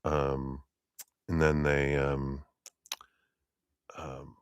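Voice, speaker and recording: Guy doing a live tarot reading, low voice, dry close sound, loose rambly storytelling w/ laughs. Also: slow pace, fairly bright tone, no echo. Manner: rambling, hesitant storytelling with many fillers and laughs. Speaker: tarot reader.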